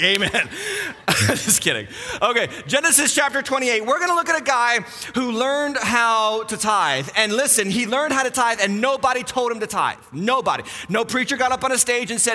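A middle-aged man, a lead pastor, preaching a sermon in a church with animated jokes and repeated key phrases. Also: extremely high pitch, normal speed. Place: church auditorium. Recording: long church reverb.

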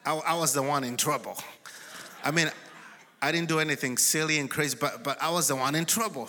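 Pastor, male, bright and forceful, preaching in a big echoing sanctuary, peaks into shouts. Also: on the high side. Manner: builds to shouted declarations. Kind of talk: sermon. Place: large church sanctuary. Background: congregation responding.

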